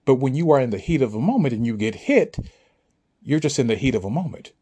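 A man's voice: mid-range voice, lively intonation, fast, dark tone, slightly rough. A man speaking to listeners in an emphatic, preachy monologue, often asking if they understand. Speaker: spiritual speaker. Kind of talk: motivational monologue to an audience.

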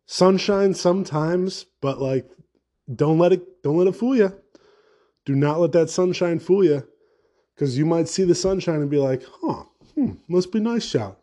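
A man's voice: on the high side, moderate pace, mellow. A man hosting his own podcast alone, talking casually in a rambling, profane and sarcastic way. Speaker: podcast host. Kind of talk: casual solo podcast rant.

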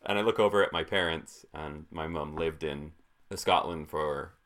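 A man's voice: extremely low pitch, moderate pace, a bit bright. A man in his twenties chatting casually about films, rambling with lots of "like" fillers. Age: 20s. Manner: filler-heavy, rambling with frequent "like". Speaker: podcast co-host. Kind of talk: casual chat about movies.

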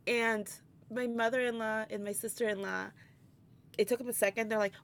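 A woman guest in a casual interview, telling a story in an animated way, laughing often and acting out what people said. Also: fairly high pitch, normal speed. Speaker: interview guest, burlesque performer.

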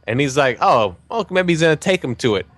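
A man hosting a podcast, telling a jokey anecdote in a casual, animated way, with some swearing. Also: on the high side, a little fast, dry recording. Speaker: podcast host. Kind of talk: casual storytelling chat.

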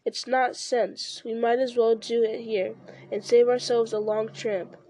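A woman's voice: fairly high pitch, flat delivery, unhurried, mellow, natural voice. A woman reading aloud and voicing a blunt, skeptical young man with a sarcastic edge.

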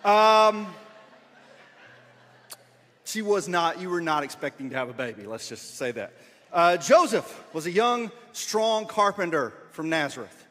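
Man, high voice, playful and encouraging, reads the story and directs the volunteers, big echoey room. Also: very animated, measured pace, a bit bright. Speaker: leader of a children's skit. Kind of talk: reading a story aloud while directing volunteers. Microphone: wearing a body mic.

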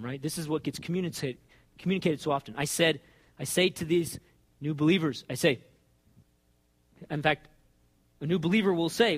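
A male pastor preaching in an animated, conversational way, often checking in with "right?" and acting out conversations. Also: on the high side, normal speed, pauses often, husky. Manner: acts out dialogues with listeners. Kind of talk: sermon.

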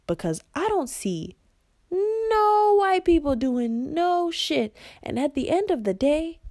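Gravelly, fired-up young woman ranting. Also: a little high, no room sound, studio quality. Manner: blunt and profane, swinging between yelling and quiet intensity. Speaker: podcast host. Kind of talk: impassioned monologue.

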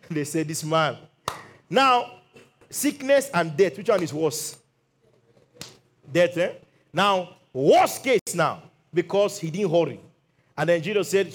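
Husky and high-voiced, a male pastor preaches at a moderate pace. His sermon features lively Bible storytelling, acted-out quotes, and calls for amen.

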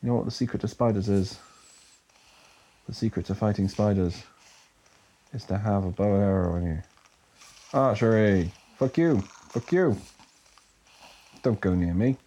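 A man's voice: lowish voice, normal speed, long pauses, dark tone. A man giving casual, profane commentary while playing a game, muttering asides and repeating curses at enemies. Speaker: gamer playing through a retro game. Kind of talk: casual let's-play commentary.

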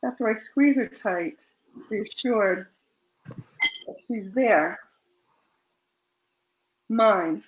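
A woman author reading her own romance fiction aloud in a soft, measured way, then chatting about the story. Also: medium pitch, poor audio.

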